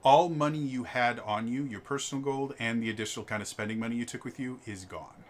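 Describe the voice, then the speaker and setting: A man's voice: mid-range voice, quick pace. Stammering man running a tabletop game. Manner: stammering, many fillers. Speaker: game master.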